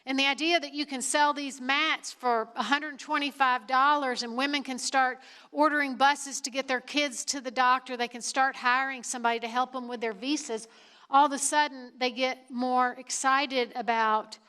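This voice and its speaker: Earnest woman speaker, bright clear voice. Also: high-pitched, steady tone, normal speed. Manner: earnest, warm storytelling with repeated emphasis. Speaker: priest and nonprofit leader, lecture guest. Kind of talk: live Q&A talk on stage.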